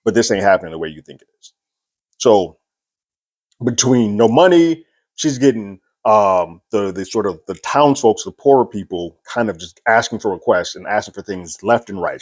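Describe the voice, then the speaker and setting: A man with a fairly low voice talks through a TV episode breakdown in a loose, casual way. He paraphrases scenes in quick quoted asides, peppered with "like," and laughs between points. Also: expressive. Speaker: TV show recap host.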